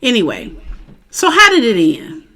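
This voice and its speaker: A woman's voice: fairly high pitch, wildly swooping pitch, a little slow, sharp tone. A woman giving a casual, chatty recap of a TV episode, often asking "you know what I'm saying?". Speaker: TV show reviewer.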